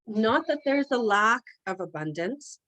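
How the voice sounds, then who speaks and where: A woman speaking from home, leading a live energy healing session in an informal, hesitant way with frequent fillers and pauses. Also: a little high, sing-song, pushed and bright. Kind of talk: guided healing session talk.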